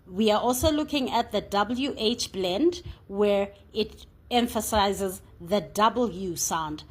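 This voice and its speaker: A woman teacher leading a spelling lesson, sounding out each word slowly and carefully. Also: medium pitch. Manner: slow, careful over-enunciation of sounds.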